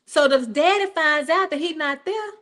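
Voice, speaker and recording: Woman preacher, high-pitched, chatty and animated delivery with frequent asides. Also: normal speed. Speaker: pastor. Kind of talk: sermon.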